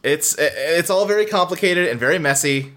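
Male podcast host, bright tone, animated, restless casual delivery. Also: on the high side, moderate pace. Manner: animated, filler-heavy, frequent restarts.

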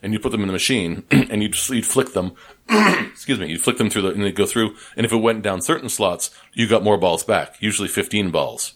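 A Canadian man chatting casually, telling rambling stories and getting animated when he quotes other people. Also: lowish voice, fairly quick. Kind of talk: casual chat.

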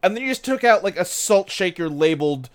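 A man's voice: sits high, expressive, fairly quick. A man co-hosting a podcast, chatting casually in an emphatic, joking way. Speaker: podcast co-host. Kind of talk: casual chat.

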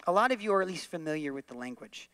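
Bright-voiced man preaching. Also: fairly high pitch, fast talker, smooth, dry recording. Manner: animated, leads the congregation in repeating lines. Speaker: pastor. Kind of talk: sermon.

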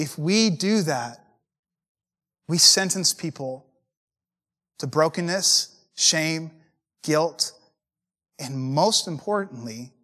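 A man's voice: on the high side, fairly bright tone, long reverb tail. A man preaching to church leaders with passion, talking in a conversational way and asking many rhetorical questions. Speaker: pastor.

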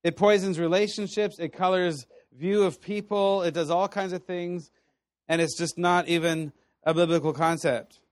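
A man preaching a sermon in a conversational, animated storytelling way, laughing now and then. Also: high voice, moderate pace, no room sound, clean studio sound. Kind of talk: sermon teaching.

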